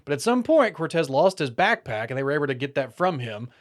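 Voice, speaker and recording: A man with a somewhat high voice co-hosts a casual podcast and reads news stories aloud. He jokes and laughs often, stumbling and restarting as he reads. His tone stays easygoing throughout. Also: big pitch swings, quick pace. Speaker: podcast co-host.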